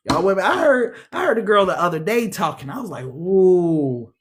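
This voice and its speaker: A woman's voice: mid-range voice, big pitch swings, a little fast, a bit bright, husky. Blunt, profane woman reading tarot. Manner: blunt, profane, sassy slang. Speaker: tarot reader. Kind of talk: casual tarot reading livestream.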